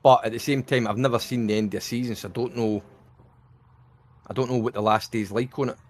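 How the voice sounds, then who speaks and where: A man's voice: medium pitch, fairly even intonation, fairly quick, a little mellow. A middle-aged Scottish man chatting casually while streaming a game, swearing freely and laughing often. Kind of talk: casual gaming chat.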